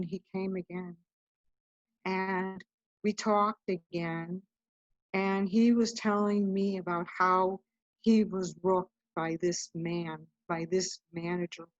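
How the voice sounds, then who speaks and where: A woman's voice: mid-range voice, steady tone, slow pace, dry recording, lo-fi sound. A woman guest telling a personal story in a casual, chatty way, often saying "I'm like". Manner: chatty, recounts events with lots of "I'm like". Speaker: podcast guest.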